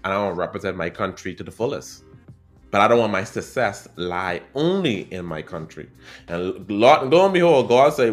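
A man with a Bahamian accent, hosting a podcast in a chatty, expressive monologue that speaks straight to his listeners. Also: on the low side, moderate pace, faint music behind. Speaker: podcast host.

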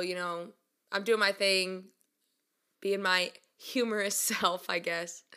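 A young woman telling a story casually and mocking herself, laughing often and jumping up in pitch when she acts out quotes. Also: smooth. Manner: chatty and self-mocking, laughs a lot; animated, voice jumps up when acting out quotes. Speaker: vlogger.

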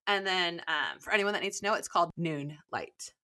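Bright-voiced young woman chatting. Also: fairly low pitch, expressive, fairly quick. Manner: chatty storytelling with constant fillers. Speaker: guest telling dating stories. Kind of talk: casual chat.

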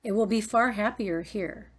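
A woman's voice: medium pitch, measured pace, husky. A woman reading the lines of a loving older mother in a storybook narration. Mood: fond. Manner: fond, warm. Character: loving elderly mother in heaven.

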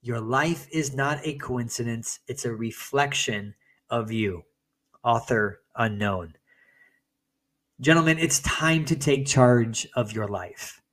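A man with a mid-pitched voice gives an earnest motivational talk aimed at men. He speaks with emphasis and often repeats or restarts a phrase before pushing on. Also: slow, fairly bright tone.

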